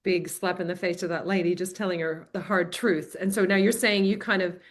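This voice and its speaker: An interview host from Australia, a woman with a low-set voice. She listens closely and asks long, loose questions that start over several times. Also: steady tone, a little fast. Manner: attentive, with rambling questions full of restarts. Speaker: interview host, medical intuitive. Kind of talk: casual interview.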